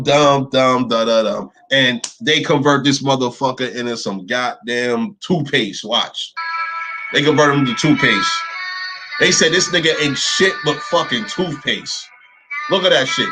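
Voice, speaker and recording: A man giving profane, animated commentary as he reacts to videos, full of rhetorical questions and repetition. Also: medium pitch, a little slow, music in the background.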